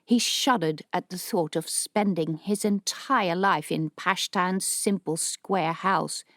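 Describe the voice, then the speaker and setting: In a dry, studio-quality recording, a woman with a voice on the low side narrates an audiobook. Her scripted reading is steady and measured.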